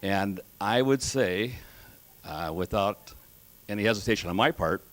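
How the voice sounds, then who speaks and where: A man graduating from auctioneering school, giving a measured, reflective thank-you speech with folksy humor. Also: on the low side, fairly bright tone. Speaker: graduating student.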